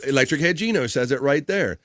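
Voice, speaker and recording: A man's voice: animated, brisk, fairly bright tone, dry recording, clean studio sound. Laughing, joking male stream host. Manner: loose, joking, laughs often, trails off low. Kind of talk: casual live stream chat, reading viewer comments.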